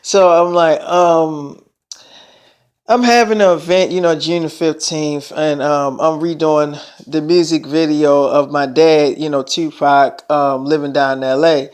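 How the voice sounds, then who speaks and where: A man's voice: on the high side, steady tone, unhurried, clear, resonant tone. A man telling a long story in casual talk, rambling and swearing a lot, often saying "I'm like" and "she's like". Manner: rambling, heavy profanity, repeats "I'm like, she's like".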